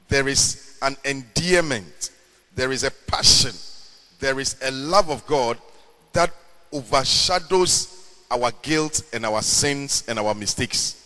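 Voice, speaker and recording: A middle-aged male pastor delivering a sermon in a slow, measured way, stretching words for emphasis. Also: medium pitch, bright, forceful tone. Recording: long hall reverb.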